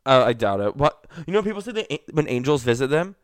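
A young man co-hosting a podcast, telling a story in a rambling, animated way with lots of likes and laughs. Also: medium pitch, fast, clear, resonant tone, no echo, studio quality. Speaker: podcast co-host. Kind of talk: casual storytelling chat.

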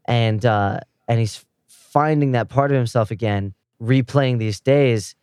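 A man's voice: medium pitch, measured pace, a little mellow, clean tone, no echo, clean studio sound. A man casually recapping the plot of a show's first episode, slipping now and then into the characters' quoted lines as he tells it.

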